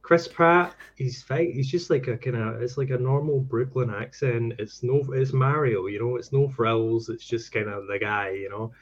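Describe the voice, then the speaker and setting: A man's voice: medium pitch, moderate pace, few pauses. A man co-hosting a casual podcast chat, opinionated and full of fillers. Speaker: podcast co-host. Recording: dull lo-fi mic.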